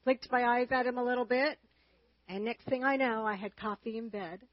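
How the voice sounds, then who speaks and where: A woman's voice: on the high side, moderate pace, no room sound, dull audio. Chatty woman telling stories in church. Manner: chatty, storytelling. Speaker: marriage teacher, co-host with husband. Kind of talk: church marriage lesson.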